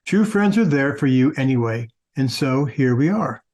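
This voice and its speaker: A man voicing a gentle, kind male bear from a storybook, speaking slowly and reassuringly. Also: mid-range voice, lively intonation, lightly acted.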